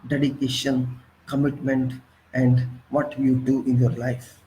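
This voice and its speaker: Man in his sixties, Indian English accent, fiery political monologue, rhetorical questions, fairly high voice, faint background hiss. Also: darkish tone, poor audio. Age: 60s. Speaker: political commentator.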